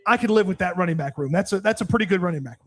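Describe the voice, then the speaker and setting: A man with a notably high voice tells a story on a casual sports talk show. He co-hosts and talks with animation, acting out both sides of the conversation. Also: expressive, rapid-fire, a bit bright. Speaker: co-host. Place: live show at a restaurant.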